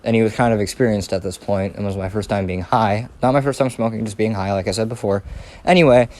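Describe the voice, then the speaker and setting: A man's voice: lowish voice, steady tone, fast, a little mellow. A young man telling a rambling, profane story in a casual vlog. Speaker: storytime vlogger.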